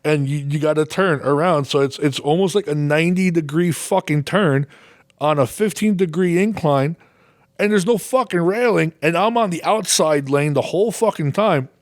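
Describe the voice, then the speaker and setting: A man's voice: on the high side, normal speed, no echo, studio quality. Man swearing through a rambling story. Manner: rambling, heavy swearing, laughs at his own stories. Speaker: podcast host. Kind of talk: casual storytelling monologue.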